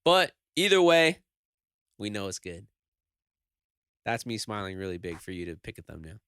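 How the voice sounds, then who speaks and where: A man's voice: deep voice, brisk, a bit bright, dry recording. A young man co-hosting a casual podcast, teasing his co-host with dry, short replies and easygoing sign-offs.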